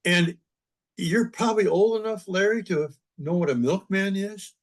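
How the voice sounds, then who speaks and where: An older man, a priest, reminiscing in an interview with relaxed, humorous storytelling. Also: high voice, moderate pace. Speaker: interview guest, priest and publisher. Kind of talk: anecdotal storytelling in conversation.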